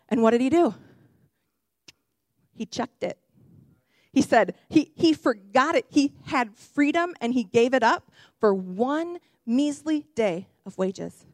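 A young woman who works in kids ministry, preaching a sermon in an animated, chatty way, correcting herself and breaking into excited shouts. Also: fairly high pitch, no room sound, clean studio sound. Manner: self-correcting, chatty asides.

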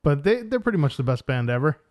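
A man from New York co-hosting a casual podcast chat, blunt and deadpan as he tells joking stories. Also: on the high side, fast. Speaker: podcast co-host.

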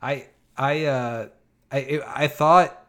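A man chatting casually on a podcast, animated and quick to jump in, with mild swearing. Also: medium pitch. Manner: animated, talks over himself with restarts and mild swearing. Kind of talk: casual chat.

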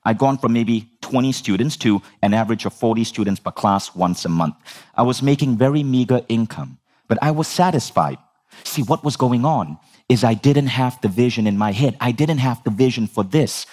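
A man in his forties telling his own story in an animated, humorous way, swearing now and then. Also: mid-range voice, normal speed. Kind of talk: storytelling talk.

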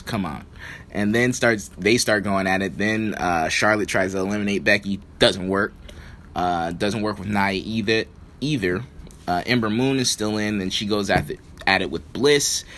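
A man giving a rambling, casual recap of a wrestling event, with lots of fillers. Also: lowish voice. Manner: rambling, many fillers, relaxed. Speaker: wrestling show reviewer.

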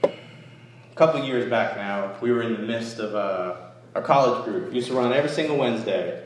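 A man's voice: medium pitch, normal speed. Man, lay preacher, chatty sermon, very echoey hall, distant mic, faint hiss. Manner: conversational, animated storytelling with asides. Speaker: church lay speaker. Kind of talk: informal sermon.

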